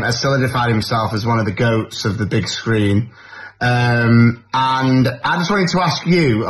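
A man's voice: mid-range voice, fairly bright tone. A podcast host asks his guest questions in a light, teasing way. He has a mid-range voice. The room is echoey, with faint noise behind. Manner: playful, quizzing. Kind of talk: casual interview.

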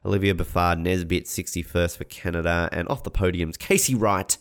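Deep-voiced chatty Australian man. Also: a little fast, clear, resonant tone. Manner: rambling, chatty, many fillers. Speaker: podcast co-host. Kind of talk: casual sports chat.

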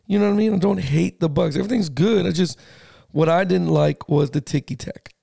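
A man co-hosting a sports podcast, animated and casual, swearing now and then as he talks football. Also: on the high side, fairly quick, vocal fry, breathy edge, dry recording, studio quality. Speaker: podcast co-host.

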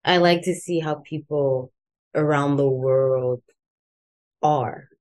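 A young woman from South Africa with a softened South African accent, chatting casually as an interview guest, rambling with many fillers. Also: low-pitched, takes it slowly. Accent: South African, softened toward American. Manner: relaxed, rambling, many "like" fillers, laughs easily. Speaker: guest, musician.

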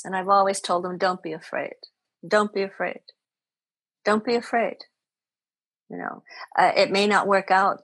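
A woman's voice: lowish voice, a bit bright, breathy edge, dry recording. A woman spiritual teacher speaking as a podcast guest, earnest and emphatic, often repeating her phrases for stress. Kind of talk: podcast interview.

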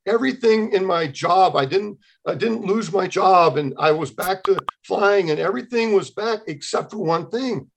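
A man in his sixties, a podcast guest, telling a personal faith testimony in an animated way, acting out the dialogue he quotes. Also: sits high, normal speed, creaky, hardly any pauses, slight background noise.

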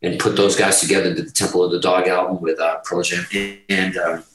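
Male guest, low, profane and animated storyteller, echoey room, off-mic. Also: fairly quick, slight background noise. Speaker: podcast guest, musician. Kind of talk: casual storytelling. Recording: roomy, distant mic.

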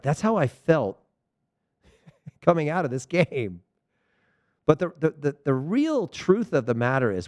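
A man, a former player, giving a casual opinion monologue about soccer, animated, often repeating words and telling stories. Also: medium pitch, no echo. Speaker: soccer commentator.

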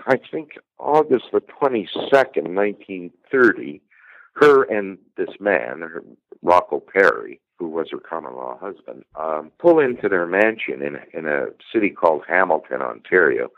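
Deep-voiced guy rambling through an old crime story, lots of uh and restarts, dry close sound. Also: lively intonation, normal speed, creaky, no room sound, phone-quality sound. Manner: rambling, repeats words and restarts, many uh fillers. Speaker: guest true-crime researcher. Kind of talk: storytelling in a podcast interview.

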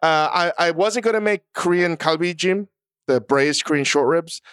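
Smooth-voiced man, blunt and profane. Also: fairly high pitch, normal speed, a bit bright, no room sound, clean studio sound. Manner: blunt, profane, self-mocking. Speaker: podcast co-host. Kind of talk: casual chat.

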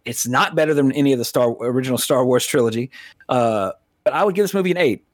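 This film-review podcast co-host speaks quickly at a medium pitch, and the studio sound is clean with no echo. His casual talk wanders, he keeps interrupting himself partway through sentences, and the profanity flows freely.

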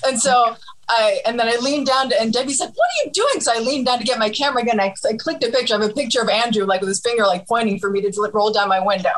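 A woman telling a long story in casual conversation, halting and animated, acting out other people's voices. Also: fairly high pitch, poor audio. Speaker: guest.

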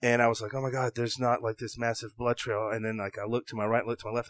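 Young Southern guy, excitable storyteller, mid-pitched voice, dry close mic. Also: fast talker, no room sound. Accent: Southern American. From American South. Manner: excitable, self-interrupting, acts out his own inner voice. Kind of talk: animated casual storytelling.

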